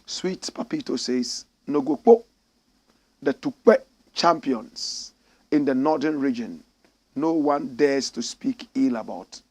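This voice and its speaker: A Ghanaian man hosting a live-streamed talk show, reading out viewer messages in a slightly croaky voice and breaking into loud exclamations. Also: mid-range voice, takes it slowly. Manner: animated, bursts into loud exclamations. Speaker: show host. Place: studio in Accra.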